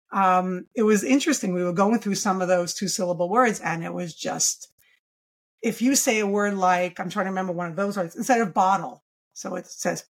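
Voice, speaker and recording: A woman in her forties, a children's speech therapist, explaining speech errors in a podcast interview and saying sample sounds aloud. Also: mid-range voice. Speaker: pediatric speech-language pathologist.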